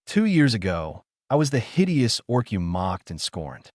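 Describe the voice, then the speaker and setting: A man's voice: on the low side, sing-song, a little slow, darkish tone, dry recording, clean studio sound. A man voicing an indignant young prince. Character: young prince, formerly mocked, now fiercely protective.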